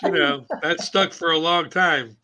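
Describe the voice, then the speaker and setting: A man's voice: on the high side, measured pace, pushed and bright. A man in his fifties co-hosting a radio talk show, telling a laughing family story with acted-out quotes. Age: 50s. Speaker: radio co-host. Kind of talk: casual radio chat.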